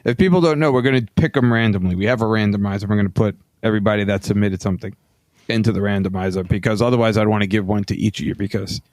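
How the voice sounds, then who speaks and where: A man's voice: lowish voice, racing, darkish tone, no room sound. A man co-hosting a podcast over a video call, chatting casually and teasing his co-host. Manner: teasing, laughing. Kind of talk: casual chat.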